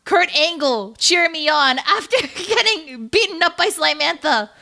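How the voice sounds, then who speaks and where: A woman's voice: high-pitched, lively intonation, measured pace, bright, forceful tone. A woman guest, a VTuber, chatting playfully in an interview and laughing often. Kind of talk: casual interview chat.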